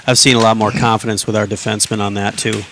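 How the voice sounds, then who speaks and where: A man adding relaxed, joking color commentary to a local high school hockey broadcast. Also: quick pace, a little hiss or hum.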